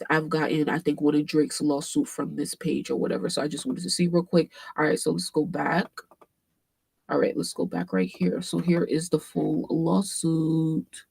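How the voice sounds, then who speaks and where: A woman hosting a casual commentary livestream, animated and swearing freely, with AAVE speech and frequent fillers. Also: low voice, vocal fry, slightly rough, no room sound. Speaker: livestream host.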